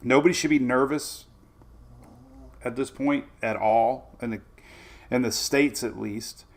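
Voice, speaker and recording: Casting: middle-aged male livestream host, gravelly, energetic, chatty. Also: mid-range voice, unhurried. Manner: energetic, rambling, greets viewers by name. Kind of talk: casual livestream chat.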